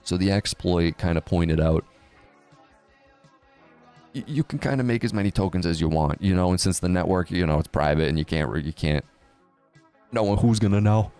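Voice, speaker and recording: A man's voice: deep voice, moderate pace, pauses often, warm tone, clear, resonant tone, soft background music. A man giving casual, profane, sarcastic commentary, often mocking others by putting on voices. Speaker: crypto news commentator.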